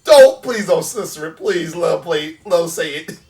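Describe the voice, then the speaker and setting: A man hosting a reaction video in casual chat, excitable, laughing often and restarting his sentences. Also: fairly high pitch, moderate pace, recorded from a distance. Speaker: reaction channel host.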